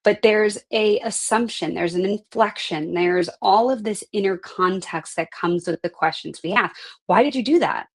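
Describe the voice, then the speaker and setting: A woman's voice: mid-range voice, measured pace, hardly any pauses. A middle-aged woman life coach teaching a live class, earnest and conversational, often tagging her points with "right?". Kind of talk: live online class talk.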